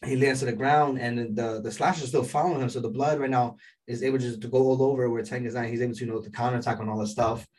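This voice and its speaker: Excitable rambling man, mic a bit distant. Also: mid-range voice, quick pace. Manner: excitable, rambling, heavy on fillers. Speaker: anime episode reviewer. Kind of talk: casual episode recap.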